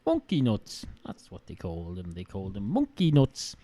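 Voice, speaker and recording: A man's voice: on the low side, wildly swooping pitch, a little slow, dark tone. A man with an Irish accent hosting a solo podcast, rambling sardonically with many fillers. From Ireland. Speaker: podcast host.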